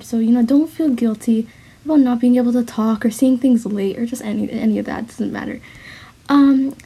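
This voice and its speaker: A young woman talks in a casual voice message to her partner, her voice high and mellow with a breathy edge. She has a slight lisp and rambles, mumbling and restarting her sentences.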